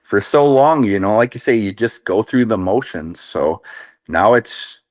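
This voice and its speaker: Speaking at a measured pace, the Minnesotan guest in his thirties recounts his recovery with plenty of fillers and false starts during a relaxed interview. His voice sits on the low side, expressive and a little mellow, with no echo in the recording.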